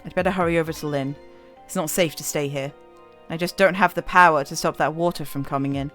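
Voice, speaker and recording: A woman voicing a calm male ghost as she reads game dialogue aloud, low and matter-of-fact. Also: fast talker, soft background music. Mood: urgent.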